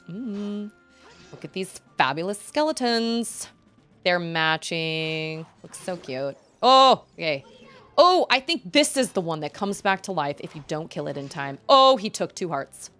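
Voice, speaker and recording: A woman's voice: fairly low pitch, expressive, takes it slowly, a bit bright, faint music behind. A young adult woman streaming at home, chatting and rambling while reacting aloud to a game and her chat. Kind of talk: live-streamed gameplay chat.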